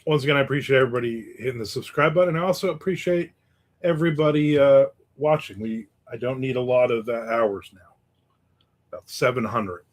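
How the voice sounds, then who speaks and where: A middle-aged man hosts a casual livestream, his medium-pitched voice moving at a brisk clip. He rambles about his weekend and reads viewer comments out loud.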